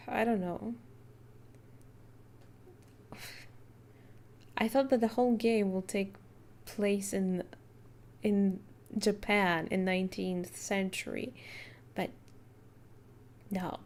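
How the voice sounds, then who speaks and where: Slow soft-spoken woman gamer. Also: mid-range voice, a little hiss or hum. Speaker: let's player. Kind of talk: game commentary and reading aloud. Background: game music.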